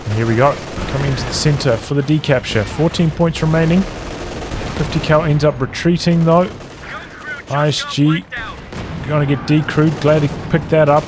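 A man giving rapid play-by-play commentary on a strategy game as its caster, with exasperated outbursts. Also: a little high. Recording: noisy game audio underneath. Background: game sounds: gunfire, artillery, vehicles.

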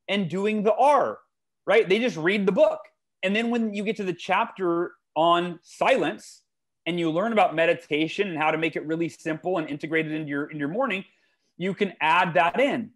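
A man, a guest author in a podcast interview, telling stories in an animated way with big swings in his voice. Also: high-pitched. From United States.

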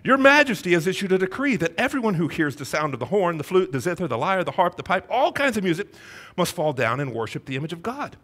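A man preaching a sermon as pastor, telling a Bible story in a conversational, animated way and acting out the characters with rhetorical questions to his congregation. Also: high-pitched, fast.

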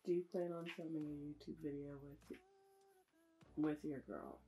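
A woman's voice: low-pitched, fairly even intonation, normal speed. A woman speaking briefly and shyly from off camera. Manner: shy, brief and soft-spoken.

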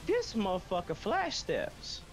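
A man playing a co-op game at home with friends, excitable, swearing and yelling at the screen. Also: high-pitched, unhurried. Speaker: gamer. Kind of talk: casual co-op gaming chat. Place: room at home.

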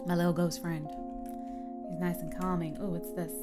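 A young woman giving casual, excitable commentary as she plays a video game, squealing and laughing. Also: fairly low pitch, unhurried, pauses often, over music. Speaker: let's play gamer.

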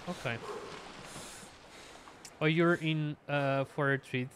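Game music plays behind a drowsy streamer who chats casually with viewers and mutters to themself while gaming. The mid-range voice stays steady, slow, fairly bright and clean.

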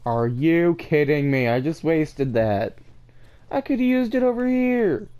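A tired man giving profane, excitable gameplay commentary on his own desk mic, trash-talking as he plays, his voice cracking when he gets worked up. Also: fairly high pitch, slow pace, clear, resonant tone. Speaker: gaming channel host.

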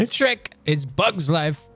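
A male streamer talks his way through a quiz on stream, his fairly high voice swinging widely up and down. He gets excited, swears freely, and reads lyrics out as he thinks, with soft music in the background. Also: drawn-out words. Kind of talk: casual chat during a quiz on stream.

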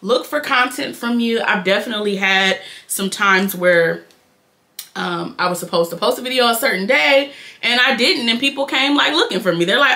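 Young nasal Detroit woman, bright voice, quick chatty beauty-vlog delivery, calls viewers y'all. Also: mid-range voice. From Detroit, Michigan. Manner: fast-talking, chatty, addresses viewers as y'all. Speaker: beauty vlogger. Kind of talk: casual chat while doing makeup.

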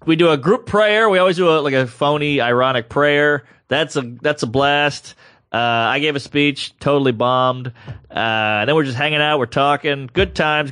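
A man co-hosting a podcast, telling a comedic story in a casual, animated way and acting out the voices of the people in it. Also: on the high side, clean tone. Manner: animated, acts out quoted voices. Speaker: podcast co-host.

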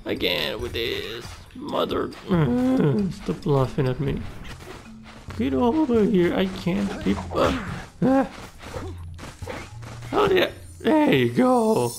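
Gamer dude swearing at the game, kinda high gravelly voice, game music going behind him. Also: male voice, wildly swooping pitch, slow, pauses often, a little mellow. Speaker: gaming YouTuber. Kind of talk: let's play commentary.

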